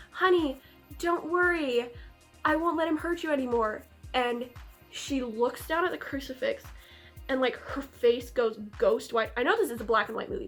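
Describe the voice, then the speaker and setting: Chatty, sarcastic woman reviewing films. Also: fairly high pitch. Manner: chatty, sarcastic, animated asides. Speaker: film reviewer. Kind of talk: casual film review.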